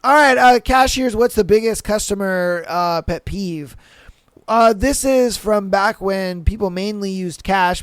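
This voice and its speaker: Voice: medium pitch, clean tone, dry recording. A podcast host giving casual commentary on reader posts in loose, slangy talk, swearing freely and acting out annoying customers.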